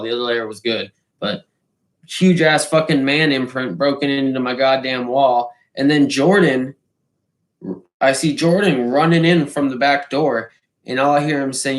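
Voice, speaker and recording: A man telling a wild party story in a casual, profane, animated way, swearing freely and acting out the hits with sound effects. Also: mid-range voice. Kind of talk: casual anecdote. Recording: roomy echo.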